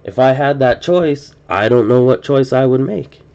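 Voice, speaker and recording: A man's voice: mid-range voice, expressive, normal speed. A man hosting a card-breaking live stream, chatting casually and musing aloud as he goes, often restarting his sentences. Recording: dull lo-fi stream audio with faint noise.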